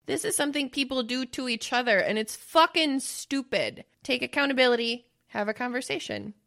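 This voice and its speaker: Female podcast co-host, bright and slightly high, plainspoken and profane. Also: fairly quick, creaky. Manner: blunt, profane and opinionated. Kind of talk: casual podcast chat.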